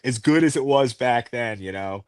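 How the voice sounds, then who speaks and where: A middle-aged wrestling guest from the United States tells casual, rambling stories in an interview, dropping many fillers. He speaks at medium pitch and normal speed, and the clean studio audio carries no room sound.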